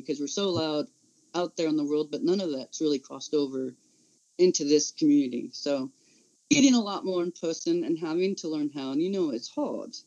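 A man who works as an autistic advocate, talking in earnest, impassioned and halting casual conversation. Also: fairly high pitch, dark tone, lo-fi sound. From Central California.

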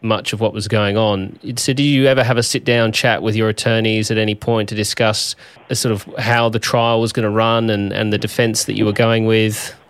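A man's voice: fairly low pitch, little pitch movement, a little fast, clear, resonant tone, dry recording. A man hosting a podcast, interviewing guests and narrating in a conversational, hedging way. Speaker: podcast host.

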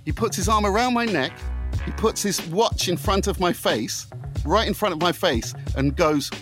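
A man's voice: high voice, moderate pace, over music. A middle-aged man, a podcast guest, telling anecdotes with gusto, swearing freely and acting out the scenes he describes.

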